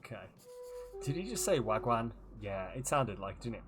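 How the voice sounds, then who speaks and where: A man's voice: on the low side, big pitch swings, moderate pace, over music. A male streamer giving casual gameplay commentary, joking around and riffing on silly voices.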